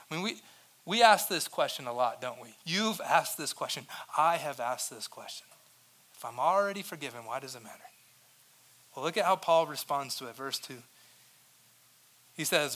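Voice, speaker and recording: A male pastor delivering a sermon, his voice sitting high for a man and ringing bright. He preaches in a lively, conversational way, punching key lines loudly and then dropping to quiet asides, with the odd joke for the congregation. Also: normal speed, long pauses. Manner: energetic, swings between loud emphasis and quiet asides.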